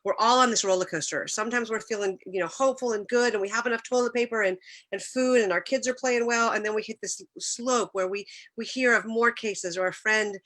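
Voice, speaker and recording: A woman's voice: fairly high pitch, brisk, a bit bright. A middle-aged woman giving an earnest, personal faith talk, telling stories and sometimes growing emotional. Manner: earnest, emotional, occasional restarts. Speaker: speaker at a church talk.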